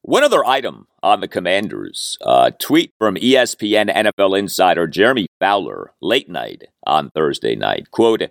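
Male podcast host, very deep, animated intonation, stat-heavy sports commentary. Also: moderate pace, creaky, few pauses, no room sound, clean studio sound. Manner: detailed, stat-heavy analysis with frequent "uh" openers.

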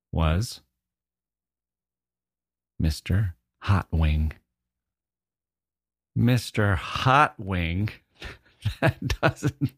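A man's voice: sits low, dry recording. A middle-aged man hosting a podcast, telling a comic story with wry, musing dry humor. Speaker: podcast host. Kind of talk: comic monologue.

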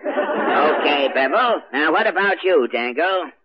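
A man playing a brash, wisecracking police inspector with a croaky voice and tough-guy slang, in 1940s radio comedy style, on a muffled old broadcast recording. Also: a little high, animated, takes it slowly, a faint crowd.

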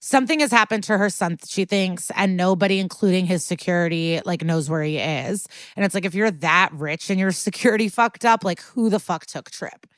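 Woman, podcast co-host, casual recap, chatty, swearing, slightly low voice. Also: fairly quick, few pauses, a bit bright, dry recording. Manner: chatty, profane, acts out quotes.

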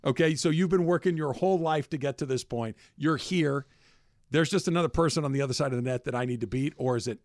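A man's voice: on the high side, fast, a little mellow, no echo, studio quality. A man hosting a sports talk radio show, chatting casually and reading out daily trivia. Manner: chatty, reads daily trivia, rambles with restarts.

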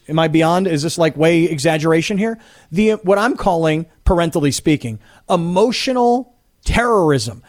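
Middle-aged male radio host, high voice, indignant storyteller. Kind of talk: sports radio talk.

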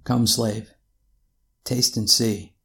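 A preacher playing a gentle, fatherly divine master who speaks slowly and softly to his child. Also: medium pitch, creaky, lightly acted. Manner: gentle, slow and hushed.

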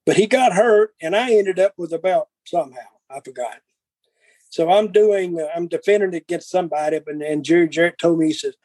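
Older guy swearing thru his stories, husky high voice, dry sound. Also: brisk, darkish tone, no room sound, low-quality recording. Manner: profane, blunt, acts out quarrels in dialogue. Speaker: guest. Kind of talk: casual storytelling.

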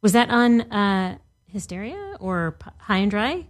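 A woman's voice: mid-range voice, very animated, a little slow. A woman in her forties co-hosting a casual podcast chat, laughing often and trailing off mid-sentence. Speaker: podcast co-host.

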